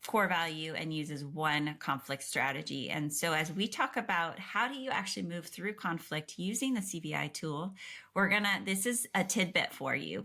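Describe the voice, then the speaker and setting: A middle-aged woman, a podcast co-host and clinician, talking in a lively, direct way and quick to clarify. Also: on the low side. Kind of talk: casual explanatory chat.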